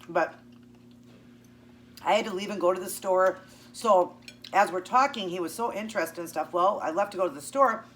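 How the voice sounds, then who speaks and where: Low-voiced woman telling a story. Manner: chatty, acts out both sides of the dialogue. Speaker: keto vlogger. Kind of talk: casual storytelling while eating. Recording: distant mic with faint hum.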